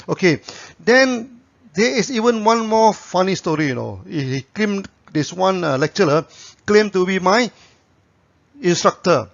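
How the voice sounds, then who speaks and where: A man's voice: high voice, lively intonation, moderate pace, creaky. A man, a company founder telling anecdotes in a promotional talk to camera, tagging his sentences with "you know". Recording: dull lo-fi recording.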